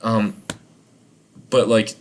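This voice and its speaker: A young man in his twenties, a podcast co-host, talking in a deadpan, patient way on a video call. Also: fairly low pitch, drawn-out words, slight background noise. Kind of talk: casual chat.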